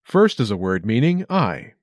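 In this scripted language lesson, a male host speaks unhurriedly, his pitch rising and falling energetically in a clear, upbeat, instructional way. His voice comes across close-up and dry, with no sense of a room.

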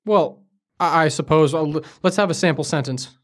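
A man with a voice on the high side talks at normal speed. He's a co-host on a language lesson podcast, recorded in a Beijing studio, acting as the learner who asks for examples.

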